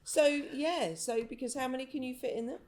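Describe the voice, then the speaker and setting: A woman hosting a casual chat, welcoming and quick to joke. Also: high voice, darkish tone, slight background noise. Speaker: podcast host.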